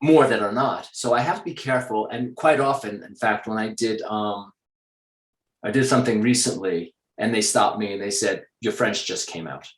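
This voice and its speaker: A man, an American actor, talking in a casual interview in a measured, matter-of-fact, confident way. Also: fairly low pitch, echoey room, poor audio. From United States.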